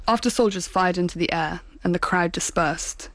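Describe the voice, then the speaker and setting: Female reporter for documentary voice-over, measured and grave, close dry read. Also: fairly low pitch, fairly bright tone, dry recording. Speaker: journalist narrator. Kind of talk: scripted documentary narration.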